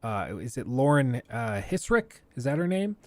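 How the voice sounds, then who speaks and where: A man hosting a gaming livestream, giving casual, opinionated commentary with animated outbursts into a close desk mic. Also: mid-range voice, normal speed, no room sound.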